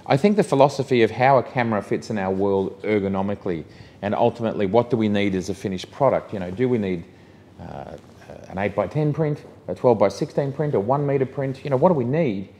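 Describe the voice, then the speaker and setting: A man's voice: fairly low pitch, fast, warm tone. A man, a photographer talking through cameras in a casual review vlog, enthusiastic and full of rhetorical questions to his viewers.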